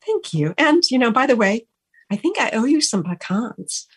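A woman's voice: fairly high pitch, sing-song, normal speed, husky. A woman hosting a radio talk show, thanking her team in an earnest, gushing way with many restarts. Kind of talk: heartfelt on-air thank-yous.

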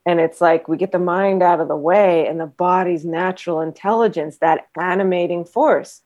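Woman, slightly low voice, reflective chatty guest, dull lo-fi sound. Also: moderate pace, darkish tone. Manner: reflective, rambling with frequent fillers. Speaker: body therapy practitioner and former trauma nurse. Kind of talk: casual conversation.

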